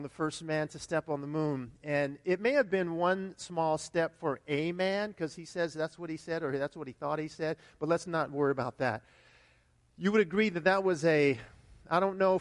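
High-voiced animated pastor in a reverberant hall. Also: male voice. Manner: animated, repeats words, acts out highs and lows with exclamations. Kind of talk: sermon. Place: church sanctuary.

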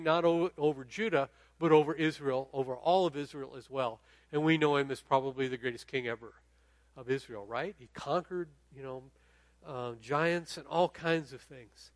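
A man's voice: a little high, no echo. Conversational man preaching a sermon. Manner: conversational, checks in with the audience. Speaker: pastor.

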